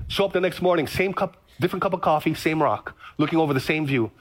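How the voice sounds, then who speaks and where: Male pastor, high-pitched, lively storytelling sermon. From Hawaii. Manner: energetic, storytelling with dramatic pauses.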